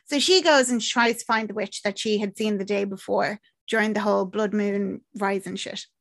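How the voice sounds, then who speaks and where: A young Irish woman with a mid-range voice and moderate pace chats on a podcast she co-hosts, recapping a film. She's an animated storyteller who voices the characters and swears freely.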